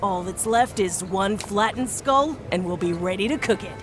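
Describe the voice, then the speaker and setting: A woman voicing a dutiful pirate crew member in a video game, reporting to the captain. She speaks at a mid pitch while music plays faintly behind. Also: normal speed, natural voice.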